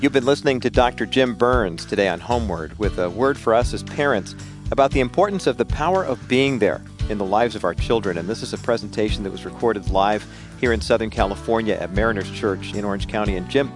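A man hosting a radio program in a smooth announcer delivery. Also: fairly low pitch, expressive, a little fast, over music. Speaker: radio show host.

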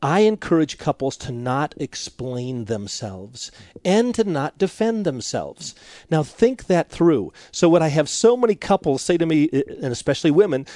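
A man speaking as a marriage counselor guest on a radio show, animated and acting out quoted couples. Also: medium pitch, normal speed, no echo, clean studio sound. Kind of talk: radio interview conversation.

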